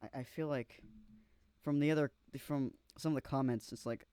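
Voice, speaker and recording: A man's voice: medium pitch, steady tone, normal speed, dark tone, clear, resonant tone, no room sound. Young man reading aloud, casual and slangy. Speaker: vlogger.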